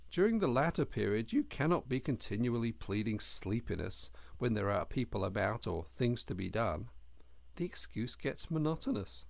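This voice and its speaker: A man reading a children's classic aloud as narrator, in a measured storytelling manner. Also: medium pitch, gravelly, no room sound. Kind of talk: audiobook narration.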